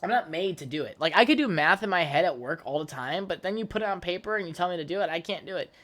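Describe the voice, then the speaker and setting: Animated and quick, this young man's voice sits high with a fairly bright tone. On his solo podcast he tells childhood stories in a casual, rambling, profane style, full of fillers and fresh starts.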